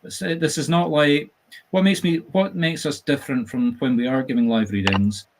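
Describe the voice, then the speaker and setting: Man, Scottish accent, livestream host, chatty, jokey storyteller, medium-pitched. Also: fairly even intonation, moderate pace, background noise. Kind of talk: casual live-stream chat. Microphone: video call setup.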